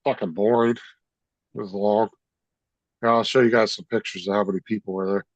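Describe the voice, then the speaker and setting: A man's voice: fairly low pitch, fairly even intonation, brisk, no room sound, highs cut off. A blunt man chatting casually on a live stream, swearing now and then. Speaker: school bus district worker.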